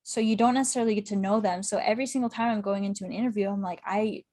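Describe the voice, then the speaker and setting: A young woman talking as a podcast guest, at a mid pitch for a woman. She rambles eagerly in casual interview chat, peppering her talk with "like" and breaking into laughter. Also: fairly even intonation, mellow. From Canada. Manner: chatty, quick, laughs often, heavy use of "like". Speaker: podcast guest, club correspondent.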